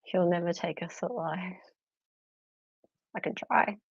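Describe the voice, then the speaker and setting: A woman's voice: fairly low pitch, takes it slowly, slightly rough, no room sound. An Australian woman hosting a livestream, chatting casually and playfully with her chat. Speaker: livestream host reading chat. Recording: dull lo-fi sound.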